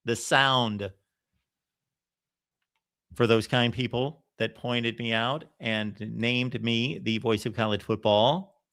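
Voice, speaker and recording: A man hosting a college football channel, talking in a casual, emphatic live-stream monologue and acting out what others said. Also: mid-range voice. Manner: animated, emphatic, quotes others in voices.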